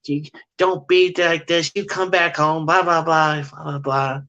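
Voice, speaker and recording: A man putting on a shrill scolding female sasquatch. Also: flat delivery, unhurried, sharp tone, highs cut off. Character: nagging female sasquatch scolding her mate.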